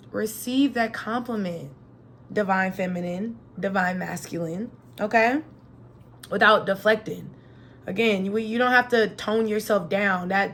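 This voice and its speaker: A young adult woman hosting a solo motivational podcast in a chatty, animated manner. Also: mid-range voice, a little hiss or hum. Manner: lively, chatty, animated, acts out quoted voices. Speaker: podcast host.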